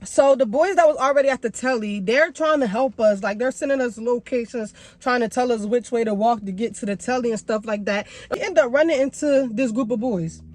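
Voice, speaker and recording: A young woman vlogger telling a story casually, animated and slangy, with big jumps in pitch. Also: brisk, few pauses.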